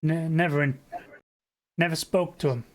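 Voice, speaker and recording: A man's voice: a little high, fairly even intonation, moderate pace, pitched above the performer's own voice, close to an everyday voice. A man doing a rude New York neighbour. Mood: dismissive. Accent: put-on New York. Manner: brusque, swearing.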